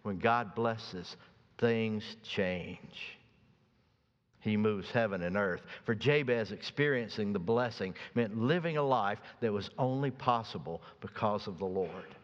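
A pastor preaching a sermon, swinging from soft, slow passages to loud, emphatic ones. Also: male voice, on the low side. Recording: dull sound with long reverb.

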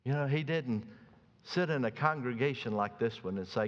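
A pastor preaching a sermon, swinging from soft, slow passages to loud, emphatic ones. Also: male voice, mid-range voice. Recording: dull sound with long reverb.

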